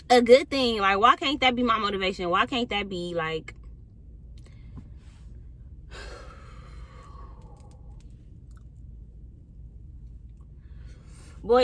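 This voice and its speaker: Bright-voiced young woman, candid rant. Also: a little high. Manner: candid, heavy cursing, swings between quiet and heated. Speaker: podcast host. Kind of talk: casual monologue.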